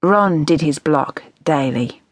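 Low-voiced woman narrating. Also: expressive, slow, breathy edge, dry recording. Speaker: audiobook narrator. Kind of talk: scripted audiobook narration.

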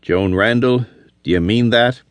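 A man's voice: mid-range voice, unhurried, dry recording, natural voice. A man playing a reckless, lovesick young frontier drifter who speaks bitterly and with passion. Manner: bitter and impassioned.

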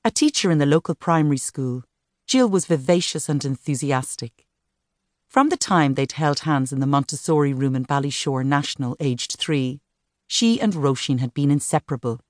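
A woman narrates a novel in a low, measured voice. The reading is even and unhurried. It is recorded close on a studio mic with a very dry sound. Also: no room sound. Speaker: audiobook narrator. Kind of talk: scripted narration.

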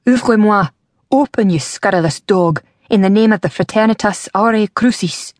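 A woman narrator voicing a ruthless cloaked male horseman, rasping and low with quiet menace, in an audiobook. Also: normal speed, no room sound, clean studio sound, natural voice. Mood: bellowing. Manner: lethally soft menace, bellowing commands. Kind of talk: audiobook character voice.

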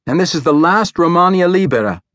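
Brisk young newsstand girl read by a man, high and chirpy, storybook delivery. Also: expressive, a bit bright, no room sound, clean studio sound. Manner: chirpy, high, quick announcements. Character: young female newspaper kiosk seller, brisk.

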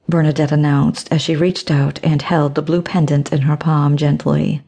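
A woman reading an audiobook in a measured, even storytelling manner. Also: sits low, gravelly, husky. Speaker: audiobook narrator. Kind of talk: scripted audiobook narration.

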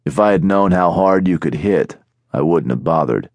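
A man doing a gruff, mocking caravan guard. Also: low-pitched, animated, moderate pace, darkish tone, no room sound.

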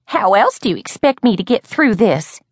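A woman's voice: mid-range voice, sing-song, normal speed, no echo, studio quality, voice pushed up. A woman voicing a dramatic, tipsy woman who drinks to cope, wailing and defiant.

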